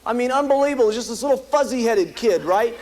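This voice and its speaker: Fast and expressive, this American man has a very high voice that is a little mellow, heard on a rough recording. As company founder at a meeting, he tells stories in an emphatic motivational speech to a live audience, repeating himself often.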